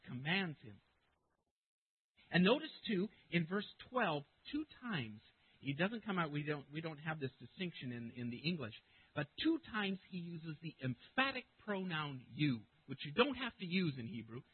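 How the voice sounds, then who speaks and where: A man preaching a sermon as pastor, speaking emphatically and getting loud when he quotes scripture. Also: fairly high pitch, very animated, normal speed, husky. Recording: narrow phone-like sound.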